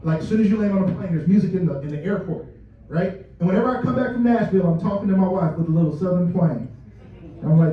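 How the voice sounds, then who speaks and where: High-voiced man giving an echoey motivational talk. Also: expressive, quick pace. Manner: storytelling, addresses the audience directly, laughs at own stories. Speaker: company leader giving a culture talk. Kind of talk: motivational talk to a live audience. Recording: distant mic, dull and echoey room sound.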